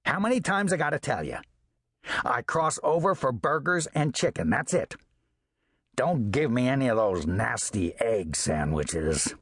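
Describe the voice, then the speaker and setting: A man voicing Murray, a gruff, bristly male alley cat who growls in a nasal twang and talks bluntly. His voice comes out husky and dry, with a lively rise and fall. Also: mid-range voice, unhurried, no room sound, full character voice. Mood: grumpy.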